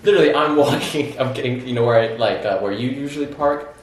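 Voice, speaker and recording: A man's voice: medium pitch, fast talker. A man hosting a podcast, telling a long story to friends in a casual chat, laughing and acting out what people said. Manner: animated, laughing storyteller with acted-out quotes. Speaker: podcast host. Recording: echoey room with background noise.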